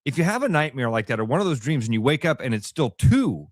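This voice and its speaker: A man co-hosting a morning radio show, chatting casually and rambling through self-deprecating stories. His voice sits at an everyday middle pitch. It is recorded close and dry in a studio. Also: sing-song, quick pace, no echo.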